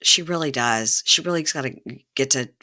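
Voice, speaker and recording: A woman hosting a podcast, chatting casually and expressively as she recaps a reality show. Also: rumbling low. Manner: animated, expressive, quick to act out scenes. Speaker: podcast host.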